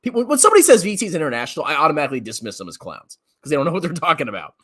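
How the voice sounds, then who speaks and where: A man's voice: on the high side, huge pitch swings, very fast, a bit bright. A man ranting as a finance commentator on a livestream, mocking and laughing often while answering chat questions.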